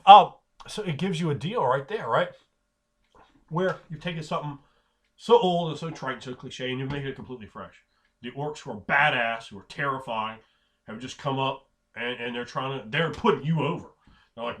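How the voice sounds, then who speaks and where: A man giving casual advice on running tabletop games as a game master. He rambles, restarts his sentences and keeps slipping into quick quoted voices. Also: medium pitch, fairly bright tone.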